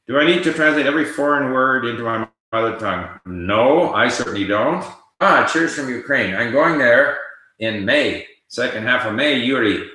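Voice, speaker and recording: A man's voice: medium pitch, pushed and bright. A man hosting a casual livestream, reading viewer questions aloud and answering them in a conversational way. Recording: very echoey room.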